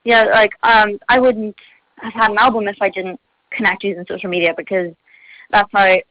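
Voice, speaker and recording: A bubbly teenage girl talks fast and loose, full of fillers and little giggles. Her voice sits at an ordinary pitch. It comes over a dull, dry phone line. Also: flat delivery, dry recording. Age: teens. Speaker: singer being interviewed. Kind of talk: casual chat.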